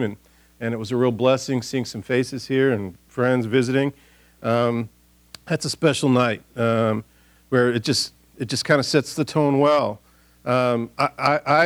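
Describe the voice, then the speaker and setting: A middle-aged man serving as pastor, giving a casual, folksy sermon and prayer in church, rambling with frequent restarts and fillers. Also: medium pitch. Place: church sanctuary.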